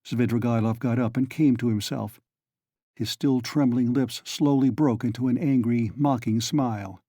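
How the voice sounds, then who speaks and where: Male audiobook narrator, measured reading, mellow dark tone, dry close sound. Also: medium pitch, fairly even intonation, dry recording. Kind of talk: scripted narration.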